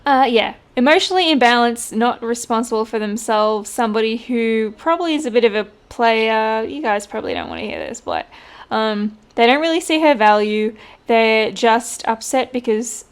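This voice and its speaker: A woman giving a casual tarot reading, chatty and quick to laugh. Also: on the high side, big pitch swings, clear, resonant tone. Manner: chatty, laughs often, mimics voices in quotes. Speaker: tarot reader.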